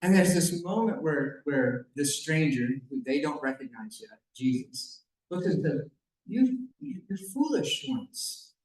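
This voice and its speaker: A man's voice: medium pitch, a little slow, hardly any pauses, a little mellow. A man giving a conversational talk at a banquet, retelling a Bible story with joking asides to the audience. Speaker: banquet speaker. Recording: echoey room.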